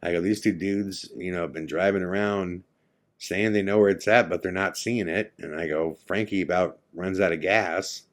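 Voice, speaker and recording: A man hosting a podcast, retelling a night out in a casual, animated way, acting out his friends' lines and going quiet for the eerie parts. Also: deep voice, moderate pace. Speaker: podcast host. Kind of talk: casual storytelling.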